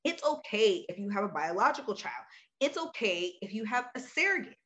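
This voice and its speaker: A woman in her thirties candidly telling a personal story in conversation, earnest, with quick bursts and many fillers. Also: medium pitch, big pitch swings, a bit bright. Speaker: guest sharing her story.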